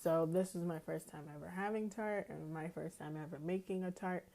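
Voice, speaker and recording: A woman's voice: lowish voice, fairly even intonation, a little fast, creaky, mellow. A woman, hosting her own podcast in an easygoing, chatty way and laughing often. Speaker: podcast host. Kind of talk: casual chat.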